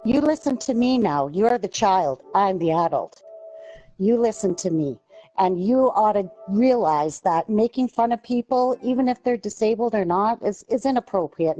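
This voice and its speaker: A middle-aged woman scolding young gamers over voice chat in a stern, lecturing, mock-calm way. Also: mid-range voice, dull audio. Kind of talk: voice chat argument.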